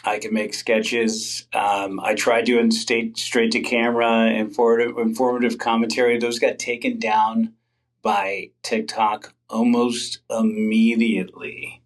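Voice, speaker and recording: A man's voice: mid-range voice, monotone, a little slow, rough recording. A middle-aged male comedian, a guest in a candid interview, telling stories in a rambling way with lots of fillers and restarts.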